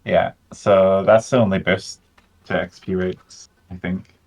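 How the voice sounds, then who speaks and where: A man's voice: low-pitched, little pitch movement, a little slow. A man leading a game playtest over a voice call, laid-back and joking, swearing casually. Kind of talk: casual voice chat.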